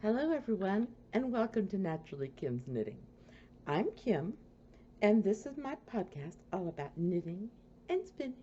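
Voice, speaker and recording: A woman's voice: medium pitch, very animated, normal speed, warm tone, lo-fi sound, slight background noise. A woman hosting a casual podcast from her home, chatty and rambling, often sidetracked. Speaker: podcast host.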